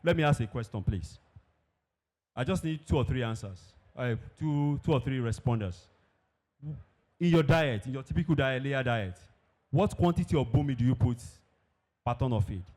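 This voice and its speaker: A man's voice: mid-range voice, lively intonation, normal speed, a little mellow. A man gives a technical presentation on animal feed to an audience of farmers, explaining step by step and putting questions to the room. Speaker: industry presenter. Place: conference hall with a live audience.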